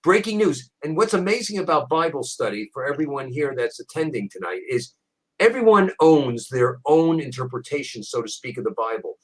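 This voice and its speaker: A man, a rabbi, teaching a Bible passage in conversation, animated, repeating words as he restarts. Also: mid-range voice, fairly quick, slightly rough, rough recording. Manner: animated storyteller with frequent restarts.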